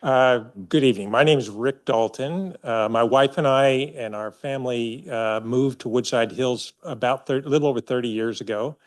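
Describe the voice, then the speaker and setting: An older man giving public comment at a town council meeting, earnest and pleading, halting with fillers, speaking into a podium microphone in a council chamber. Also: mid-range voice.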